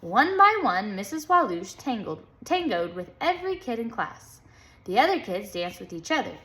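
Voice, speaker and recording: A woman reading a children's book aloud in a lively, playful way, chanting the rhythm sounds. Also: medium pitch, moderate pace. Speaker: storybook reader.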